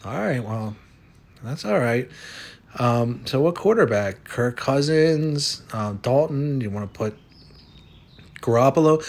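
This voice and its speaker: A man's voice: mid-range voice, very animated, a little slow. A man speaking in a dry, skeptical tone, questioning the other voice in a comic sketch. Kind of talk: comic sketch over a fantasy lineup.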